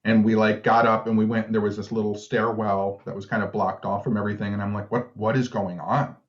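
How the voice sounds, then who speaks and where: A man's voice: fairly low pitch, little pitch movement, fairly quick, lo-fi sound. A man co-hosting a podcast, telling stories in laid-back casual chat and laughing at himself. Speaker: podcast co-host.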